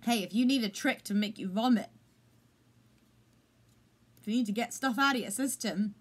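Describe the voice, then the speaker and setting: A woman's voice: on the high side, moderate pace, breathy edge. A woman chatting casually in a home vlog, rambling and self-deprecating, with a squeamish streak. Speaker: vlogger. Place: home room.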